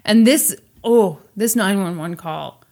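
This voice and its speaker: A woman hosting a podcast, retelling a true crime story in casual chat with animated, sarcastic asides. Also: mid-range voice, slow.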